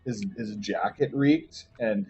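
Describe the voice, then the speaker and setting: A young man plays a game on stream and tells a meandering story about himself, swearing and filling pauses as he goes. He talks slowly at a medium pitch, slightly mellow, through a dull lo-fi mic with faint game music in the background.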